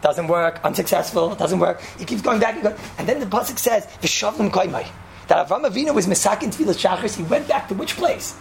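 Woman teacher, quick gravelly delivery, animated storyteller who leaps high for quoted characters. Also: a little hiss or hum. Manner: animated storyteller, sprinkles Hebrew and Yiddish terms; jumps to high pitch when acting out story lines. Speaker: seminary teacher. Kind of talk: casual Torah talk with stories.

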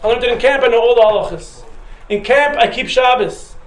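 A man's voice: very high-pitched, brisk, a little hiss or hum. A man voicing a drunk, tearful young Russian man who speaks in earnest, broken phrases. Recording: roomy echoing room.

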